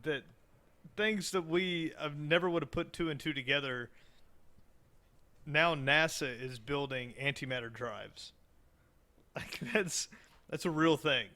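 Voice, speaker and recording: Bright-voiced joking podcast host. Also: male voice, on the high side, unhurried, long pauses. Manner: loose, joking, rambling with restarts and swearing. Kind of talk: casual chat.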